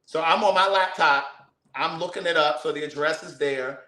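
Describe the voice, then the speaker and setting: A man, telling a story to camera in a sassy, profane, animated way. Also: on the high side, normal speed, reverberant. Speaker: vlogger. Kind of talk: casual storytelling.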